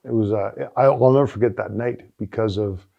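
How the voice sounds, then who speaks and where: A middle-aged man, a guest on an interview show, telling stories in a casual, animated way with lots of fillers and restarts. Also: fairly low pitch, brisk, gravelly. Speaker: guest, sales executive and former football player. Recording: dull lo-fi recording.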